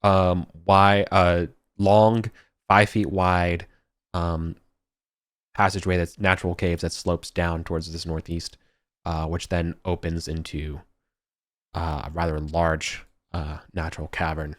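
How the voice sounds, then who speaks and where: A man running a tabletop game as game master, describing caves slowly with many ums and uhs. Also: deep voice, flat delivery, no echo, studio quality. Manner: halting, many fillers.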